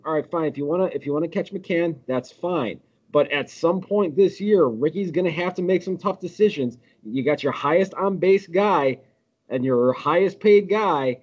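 A man's voice: a little high, darkish tone, highs cut off. A man guesting on a sports podcast, ranting in a fired-up, profane way. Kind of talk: casual sports podcast rant.

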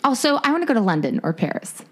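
A woman's voice: on the high side, big pitch swings, very fast, fairly bright tone. A woman co-hosting a podcast in loose, giggly, rambling casual chat. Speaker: podcast co-host.

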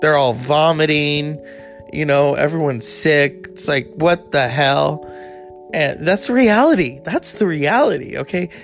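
A man telling a candid personal story in a rambling, casual way, swearing freely and adding animated asides. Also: on the high side, a little slow, vocal fry, faint music behind.

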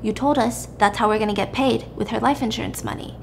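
A woman's voice: fairly high pitch, fast talker, creaky, a little hiss or hum. A woman doing a blunt, menacing loan shark. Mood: threatening. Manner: blunt, threatening. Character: menacing male loan shark demanding payment.

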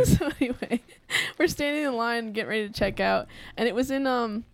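A woman's voice: fairly high pitch, normal speed, dry recording. A woman co-hosting a podcast, telling stories in casual chat and laughing as she goes. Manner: giggly, laughs through her stories. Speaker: podcast co-host.

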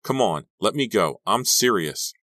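A man reading an audiobook aloud and voicing a frightened teenage girl who pleads in a high, strained voice. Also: sing-song, normal speed, pushed and bright, no room sound, studio quality, exaggerated voice. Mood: panicked.

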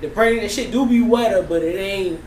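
Rowdy high-voiced man telling stories. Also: brisk. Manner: rowdy storytelling, joking. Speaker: podcast co-host. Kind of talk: casual chat. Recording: echoey room, mic far off, noisy.

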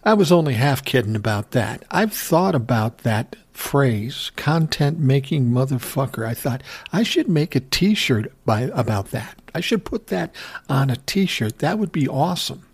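A man's voice: medium pitch, expressive, a little slow, breathy edge. An older man hosts his own podcast, chatting casually into a studio mic. He rambles through profane, self-amused stories and keeps a loose, unscripted pace. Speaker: podcast host. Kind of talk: casual solo podcast talk.

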